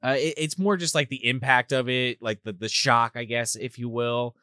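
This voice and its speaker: A man with a bright, sharp-edged voice adds jokes and opinions in loose, profane podcast chat about a film. His talk is casual and quick to riff. The recording is dry and close. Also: medium pitch, steady tone, smooth, dry recording. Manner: chatty, profane, jokey commentary. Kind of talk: casual movie discussion.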